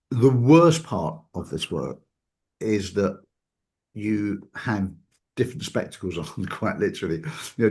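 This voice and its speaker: A man's voice: lowish voice, darkish tone. A man talking reflectively about abusive behavior, hedging his points and repeating words for emphasis. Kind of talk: reflective casual talk.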